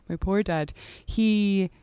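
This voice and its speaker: Chatty Irish guest, smooth voice. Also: medium pitch, extremely slow, warm tone, no echo, studio quality. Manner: chatty, lots of "like" fillers. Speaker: podcast guest. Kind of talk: casual podcast chat.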